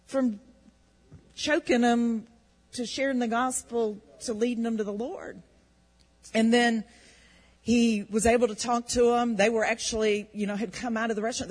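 A woman co-hosting a faith show, telling an animated testimony story and often repeating words when excited. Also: mid-range voice, breathy edge, poor audio. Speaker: ministry show co-host.

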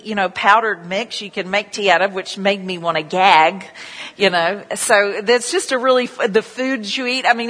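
A woman's voice: medium pitch, fairly bright tone, long reverb tail, a little hiss or hum. A middle-aged woman pastor, leading prayer and telling chatty stories in a sermon, full of "you know" asides. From southern United States.

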